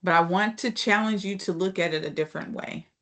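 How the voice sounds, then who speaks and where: A woman's voice: on the low side, a little fast, a bit bright. A woman instructor giving a casual online class lecture, chatty and often asking the class "right?" and "you know".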